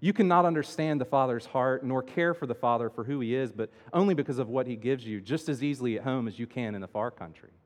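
A man preaching a sermon as pastor, swinging between loud emphatic lines and quiet asides. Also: mid-range voice, fast, few pauses. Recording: long hall reverb.

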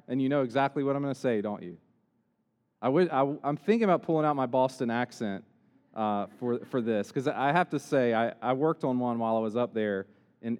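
A man preaching a sermon as pastor, conversational, with slow, emphatic pauses. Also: mid-range voice, darkish tone, clean tone. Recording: long hall reverb.

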